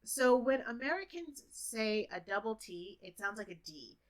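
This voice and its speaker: A woman's voice: fairly high pitch, expressive, normal speed. A woman English teacher giving a close-up pronunciation lesson to camera, playfully repeating words to model their sounds.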